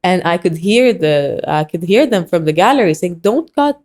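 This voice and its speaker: A woman sports presenter, a guest on a podcast, telling stories in an animated, fast-paced chat. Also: on the low side. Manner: animated, fast storytelling, mixing English and Arabic. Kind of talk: casual storytelling in a podcast chat.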